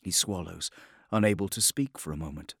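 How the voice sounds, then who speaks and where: A man narrating an audiobook in a measured, grave storytelling manner. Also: low-pitched, creaky, a bit bright, husky, no echo, studio quality.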